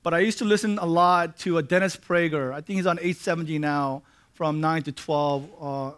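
High-voiced preacher with rising emphatic peaks. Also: male voice, fairly even intonation, moderate pace, clean tone. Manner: rises to loud emphatic peaks, conversational asides; frequent restarts and "right?" check-ins. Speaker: pastor. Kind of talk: sermon.

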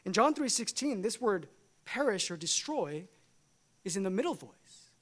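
Male pastor, high voice, emphatic sermon delivery in a church. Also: sing-song, moderate pace, a bit bright. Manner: emphatic preaching, rising and falling.

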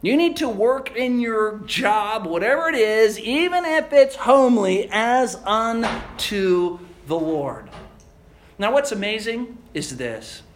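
Animated, high-voiced male preacher. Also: slow, slight background noise. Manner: animated storytelling preacher with rhetorical questions. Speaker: pastor. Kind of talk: sermon.

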